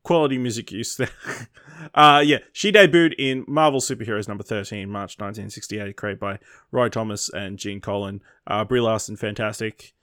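Laid-back man, low voice. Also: normal speed, a bit bright, dry recording, clean studio sound. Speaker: podcast co-host. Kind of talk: casual film discussion.

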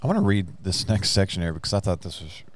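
Deep-voiced guy hosting a christian podcast, preachy and emphatic, super dry close mic. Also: sing-song, fast talker, no room sound. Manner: emphatic, exclaims hallelujah and praise the Lord. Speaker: podcast host. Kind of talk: casual faith podcast chat, preacher-like.

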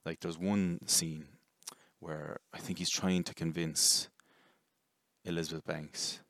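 A man's voice: deep voice, level tone, slow, a bit bright, dry recording, studio quality. A young man rambling casually through a jokey film review, swearing and correcting himself often.

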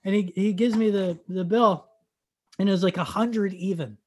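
A man from Canada telling a story in casual chat, acting out the dialogue and bursting into loud excited shouts. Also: high-pitched, moderate pace, breathy edge.

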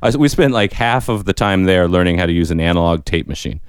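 A man's voice: low-pitched, lively intonation, fast talker, smooth, dry recording, studio quality. A young man co-hosting a podcast, talking in a rambling, chatty, self-deprecating way. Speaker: podcast co-host. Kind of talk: casual chat.

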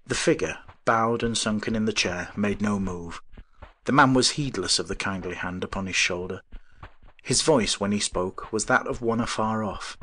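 A man reading an audiobook in steady, even-toned scripted narration. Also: lowish voice, normal speed. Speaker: audiobook reader.

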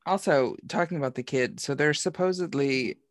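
A man's voice: a little high, normal speed, dry recording, clean studio sound. Rambling man in casual movie chat. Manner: rambling, filler-heavy storytelling. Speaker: podcast co-host.

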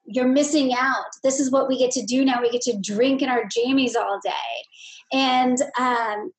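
A woman's voice: high-pitched, measured pace, poor audio. A woman hosting a podcast, chatting with many fillers and asides. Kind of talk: podcast conversation.

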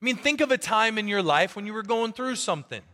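A man preaching a sermon as pastor, animated and conversational, acting out quotes from the people in his stories. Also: high voice, fast, long reverb tail.

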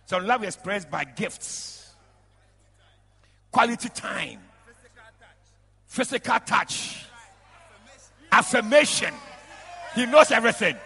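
A bishop preaching in a high, gravelly voice with a husky edge. He shouts out to his congregation and laughs along with them. The recording carries the long reverb of a big church hall. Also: lively intonation, takes it slowly, pauses often. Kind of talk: lively church sermon. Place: large church.

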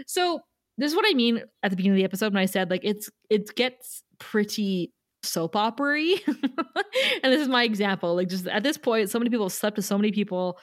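Dry-sounding woman recapping with lively laughs. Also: mid-range voice, a little fast, no echo. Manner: animated retelling, quoting characters, laughs often. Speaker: podcast co-host. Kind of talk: casual recap chat.

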